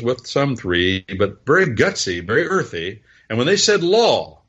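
This preacher has a husky, fairly low voice that rises and falls widely as he gives a folksy Bible lesson. He rambles into stories and spells words aloud, and the recording itself sounds dull and lo-fi.

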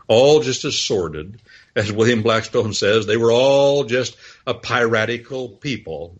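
A man's voice: on the low side, muffled recording. A man preaching and teaching on scripture in a folksy, rambling way, telling stories and spelling out words letter by letter.

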